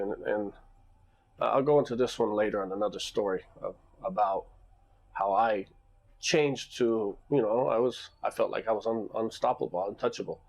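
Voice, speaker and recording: A man's voice: lowish voice, normal speed. A man who runs a nightclub, telling stories from work in a rambling, casual way, with restarts and long asides. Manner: animated when reenacting arguments. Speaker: nightclub owner. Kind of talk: casual storytelling vlog.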